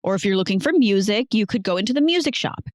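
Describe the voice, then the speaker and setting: A woman's voice: mid-range voice, expressive, fast, dry recording, clean studio sound. A woman hosting a casual podcast, playfully telling a history story to her co-host and laughing easily.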